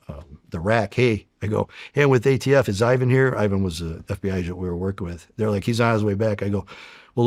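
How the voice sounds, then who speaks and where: A man's voice: lowish voice, dry recording, studio quality. A middle-aged American man, a former undercover agent, telling stories casually in an interview, swearing freely and acting out the dialogue. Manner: profane, animated storyteller acting out dialogue.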